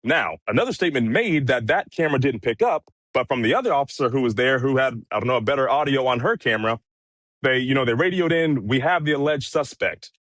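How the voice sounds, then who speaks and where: A man giving a casual, measured account of a day in court, recounting events with frequent fillers. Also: medium pitch, lively intonation, fairly bright tone, no echo. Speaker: courtroom correspondent. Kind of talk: casual commentary chat.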